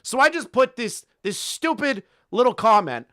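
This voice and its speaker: A man's voice: very high-pitched, sing-song, normal speed, sharp tone, no echo, studio quality. A man hosting a commentary channel, ranting in a profane, mocking way and laughing between jabs.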